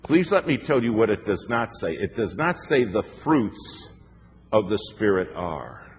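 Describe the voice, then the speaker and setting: Deep-voiced preacher in a reverberant hall. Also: male voice, sing-song, unhurried. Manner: emphatic, storytelling with acted quotes. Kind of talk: sermon. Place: church sanctuary. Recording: reverberant hall with faint noise.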